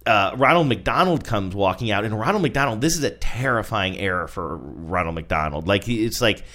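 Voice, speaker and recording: A man's voice: lowish voice, expressive, moderate pace, a bit bright. A man co-hosting a casual chat, joking and describing commercials. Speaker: podcast co-host. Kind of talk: casual chat reviewing ads.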